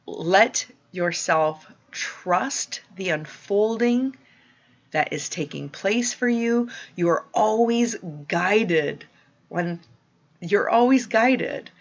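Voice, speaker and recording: A woman giving a spiritual teaching talk to listeners, speaking in a slow, soothing, affirming way. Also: mid-range voice. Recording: dull lo-fi recording.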